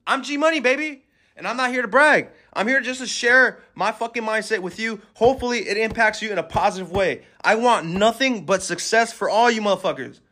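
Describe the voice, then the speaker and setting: A man's voice: high-pitched, a little fast, pushed and bright. A man hosting a podcast, giving an aggressive, swear-filled motivational rant at the listener. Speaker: podcast host.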